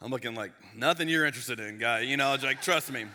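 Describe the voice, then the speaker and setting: Male pastor, conversational sermon delivery, very bright tone, big reverberant church hall. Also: mid-range voice, quick pace. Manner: animated, chatty, with frequent restarts and asides. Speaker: lead pastor. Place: church sanctuary. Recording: long reverb of a large hall.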